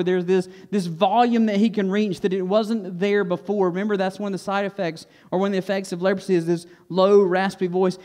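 Earnest higher-voiced male preacher. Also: darkish tone. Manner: earnest preaching, repeats phrases for emphasis. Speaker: pastor. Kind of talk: sermon. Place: church sanctuary.

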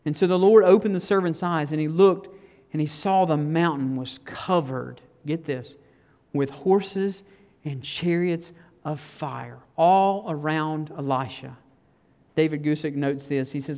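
A preacher giving a conversational sermon who drops to hushed tones for emphasis. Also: medium pitch, a little slow, big-room sound.

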